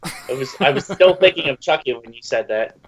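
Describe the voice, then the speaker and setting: A man in his twenties, excitable and swearing freely, chatting casually during a movie commentary. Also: medium pitch, fairly quick, a crowd in the background, rough recording. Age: 20s. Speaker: commentary guest.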